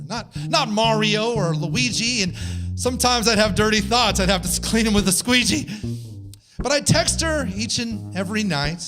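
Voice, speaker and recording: Guy with a high voice doing funny rhyming poems, kinda sing-song, band playing behind him. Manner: rhythmic rhyming delivery, half sung. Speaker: spoken word performer. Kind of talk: comic rap poetry over live music. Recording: live stage with band playing.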